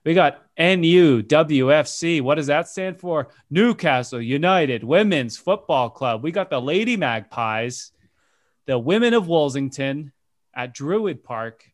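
A man's voice: on the high side, animated, unhurried. A man hosting a casual football podcast, reading out fixtures and asking his co-hosts for their picks in a joking way. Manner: jokey, reads out fixtures and asks for picks. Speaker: podcast host. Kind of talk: casual sports chat.

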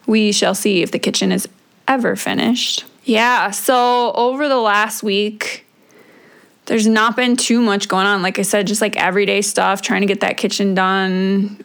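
A woman's voice: mid-range voice, creaky, a bit bright. A middle-aged woman hosting a podcast on her own, talking in a casual, chatty way that is full of swearing and "like" fillers. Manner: chatty and profane, many "like" fillers. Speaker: podcast host. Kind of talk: casual solo podcast chat.

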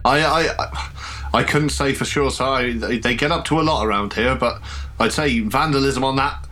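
A man's voice: medium pitch, moderate pace, pushed and bright, slight background noise, natural voice. A man voicing a polite male coach driver who hesitates and calls the passengers sir. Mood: reassuring.

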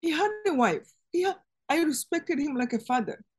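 A woman's voice: high voice, expressive, darkish tone. Earnest woman telling a personal story. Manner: earnest, emotional, halting with restarts. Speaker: interview guest. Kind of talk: personal testimony in conversation.

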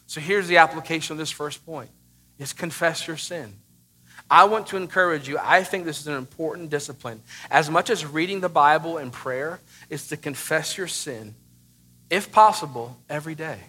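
A man in his thirties preaching a sermon as pastor, emphatic, with sudden loud bursts and rhetorical questions. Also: fairly high pitch.

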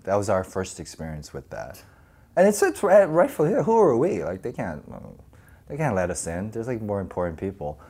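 A middle-aged man chats as an interview guest, his pitch leaping up and down with lively energy. He acts out the people in his stories and laughs a lot as he talks. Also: brisk, breathy edge. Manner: animated, acts out voices, laughs often. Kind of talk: casual storytelling interview.

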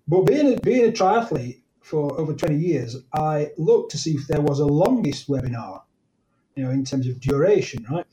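Podcast guest: a Sheffield man with a mellow, slightly high voice, casual and rambling. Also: animated, fairly quick, slight background noise, rough recording. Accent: Sheffield English. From northern England. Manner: rambling, self-correcting storyteller. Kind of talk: casual interview chat.

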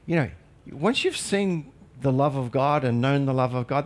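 Earnest preaching man, mid pitch. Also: lively intonation, normal speed. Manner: earnest, emphatic preaching with light humorous asides. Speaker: pastor. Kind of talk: sermon.

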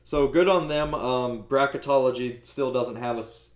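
A man's voice: medium pitch, steady tone, measured pace, reverberant. A man with a mid-range voice leads a casual sports podcast. He talks in a loose, rambling way, full of fillers and restarts. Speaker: podcast host.

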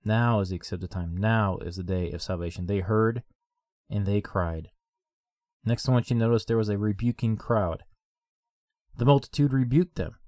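A man's voice: on the low side, normal speed, a little mellow, no echo. A man preaching a sermon in a repetitive, rhythmic cadence, asking listeners direct questions.

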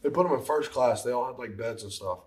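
A man with a Southern US accent, co-hosting a casual podcast chat in a relaxed, joking way. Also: medium pitch, fast. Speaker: podcast co-host.

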